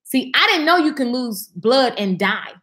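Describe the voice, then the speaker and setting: Brief: woman, high and bright, dramatic casual storyteller. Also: unhurried. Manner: animated, dramatic, swings from hushed to loud. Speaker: speaker telling a personal story.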